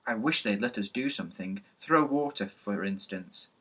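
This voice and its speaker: A man doing an eager excited schoolboy. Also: fairly low pitch, moderate pace, breathy edge, full character voice. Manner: eager, exclaiming.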